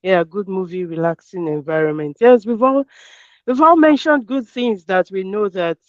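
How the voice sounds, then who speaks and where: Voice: mid-range voice, normal speed, no echo. An adult presenter leading an interactive workshop, reading out audience answers and affirming them. The speaker talks conversationally and repeats key words for emphasis. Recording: dull, dry, lo-fi call audio.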